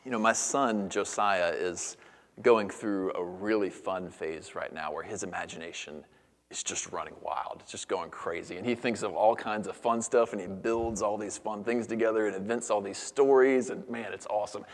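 A man in his thirties preaches from the pulpit in a somewhat low voice. His delivery is earnest, dropping to hushed near-whispers and rising again into lively storytelling. The sound carries the long reverb of a large church hall. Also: moderate pace. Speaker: pastor. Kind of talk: sermon.

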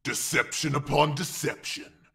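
A man's voice: a little high, steady tone, pushed and bright, exaggerated voice. A man voicing an ancient evil male being speaking from a pit, cold, scornful and commanding in an audiobook. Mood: menacing. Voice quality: slow, gravelly, cold and menacing. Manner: drawn-out, commanding delivery. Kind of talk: audiobook character voice.

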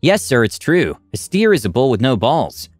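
A man's voice: mid-range voice, very animated, moderate pace, no echo, faint music behind. A man voicing a plain-spoken veteran male truck driver trainer, blunt and matter-of-fact.

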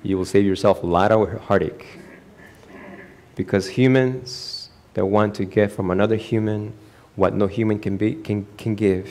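A man who is the pastor, preaching a sermon in a church with lively acted-out quotes and sudden jumps in pitch and volume. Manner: animated preaching, acts out quoted voices with big pitch jumps.

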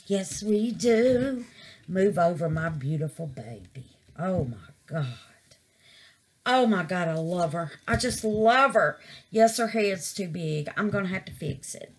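A woman's voice: lowish voice, lively intonation, unhurried. A woman gushing over her resin craft in a casual vlog, calling her viewers baby and y'all.

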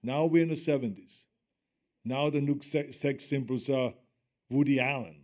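An older man with a German accent, speaking at medium pitch and a moderate pace, is a guest telling stories on stage in conversation. He's animated and often laughs as he quotes others.

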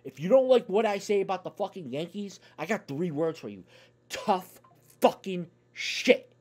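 A man's voice: high voice, lively intonation, brisk, mellow, slightly rough. A man delivering a profane, angry sports fan rant on his YouTube channel, swearing in nearly every sentence.

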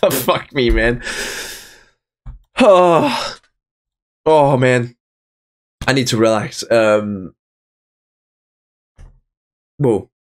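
A young man commenting on his own gameplay, excited and swearing, calling his viewers boys and guys. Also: medium pitch, extremely slow, pauses often. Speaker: gaming channel host. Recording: faint music in the background.

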